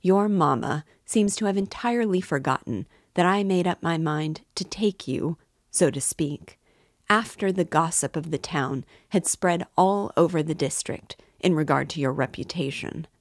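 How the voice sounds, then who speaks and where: A woman's voice: on the low side, moderate pace, dry recording, studio quality, lightly acted. Woman reading as a pompous aggrieved man. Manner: stiff, self-important. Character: pompous aggrieved middle-aged man, petty suitor.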